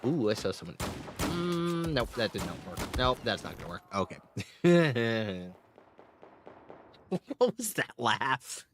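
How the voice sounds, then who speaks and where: Hoarse, animated male game streamer. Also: medium pitch, takes it slowly, long pauses, background noise. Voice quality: laughs often, swears, hums along. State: hoarse, strained voice. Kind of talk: casual live game-stream commentary.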